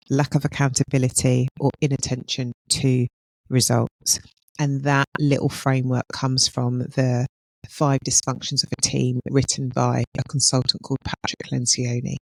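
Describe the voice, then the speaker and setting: A woman talks through a solo podcast episode with a gravelly, creaky texture to her voice. The sound is close and dry, with no room around it. She speaks in a measured way, posing a run of reflective questions to her listeners. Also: extremely low pitch, no room sound, low-quality recording. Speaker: podcast host and healthcare consultant.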